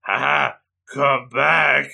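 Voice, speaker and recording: A man doing a creepy, slow-spoken ghoul woman. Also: mid-range voice, fairly even intonation, bright, forceful tone, full character voice. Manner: slow, breathy-sweet menace. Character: creepy ghoul young woman, hungry, sadistic.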